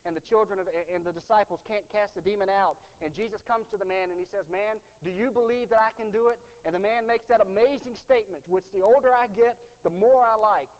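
A man preaching a funeral sermon with earnest feeling. He drops to a hush on tender lines. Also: sits high, a little fast, hardly any pauses. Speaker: pastor. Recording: muffled, reverberant hall.

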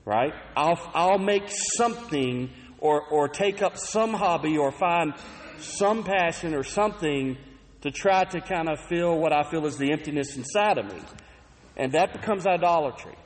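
A man preaching a sermon, telling stories earnestly, with emphatic rises and soft asides. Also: fairly high pitch, animated, measured pace. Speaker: pastor. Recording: long hall reverb.

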